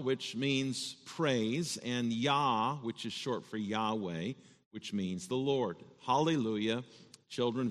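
Male pastor, earnest emphatic sermon delivery, mid-pitched voice, long church-hall reverb. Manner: earnest, emphatic, repeats words when stressing points. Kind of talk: sermon with scripture reading. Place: church sanctuary.

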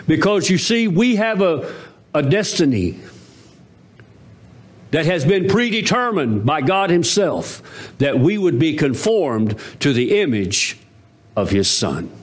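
A pastor delivers a sermon. His pitch swings widely and climbs to emphatic peaks before dropping low. His voice sits a little high for a man. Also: very animated, slow pace, pauses often. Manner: preaching with swooping emphasis, rising to emphatic peaks.

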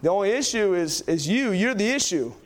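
A young man preaching a sermon in a church, telling stories in an excitable, rambling way with many fillers. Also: high-pitched, fairly quick.

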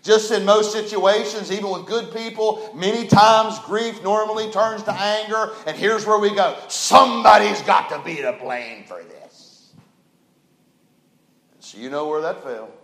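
Man preaching, high voice, folksy storyteller, loud then hushed, roomy church echo. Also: unhurried. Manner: folksy storytelling preacher, swings from loud emphasis to low quiet. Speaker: pastor. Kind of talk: sermon.

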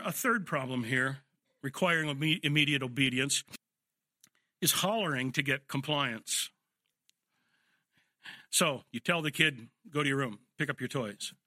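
Older man, pastor, sermon, bright tense voice, dry close sound. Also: mid-range voice, dry recording. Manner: anecdotal, firm, acts out stern commands.

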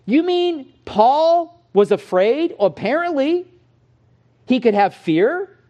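A man preaching a sermon, teaching from scripture in an earnest, emphatic way, slowing down to stress key words and explaining Greek terms. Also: very high-pitched, sing-song, mellow, lo-fi sound.

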